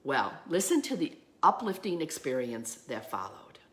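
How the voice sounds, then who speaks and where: A woman's voice: sits low, big pitch swings, moderate pace. A woman minister giving a sermon, telling a story with animation and acting out the voices in it. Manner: drops to a soft hush at the close.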